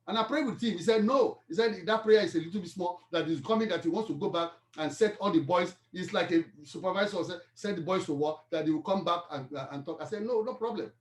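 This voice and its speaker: A man's voice: high-pitched, brisk. A man with a Nigerian accent, a pastor preaching a sermon, telling a story and then exhorting the congregation. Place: church hall. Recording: echoey church hall.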